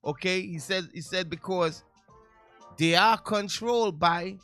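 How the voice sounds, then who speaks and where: A male radio host gives casual commentary in a loud, heated, preachy way, full of slangy asides to his listeners. His voice is bright and sits a little high for a man, with faint music behind him. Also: unhurried.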